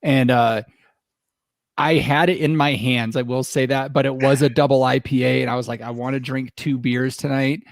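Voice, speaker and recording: Laid-back podcast guy chatting, bit of fry in his voice. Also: mid-range voice, steady tone, normal speed, dry recording, clean studio sound. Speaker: podcast co-host. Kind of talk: casual chat.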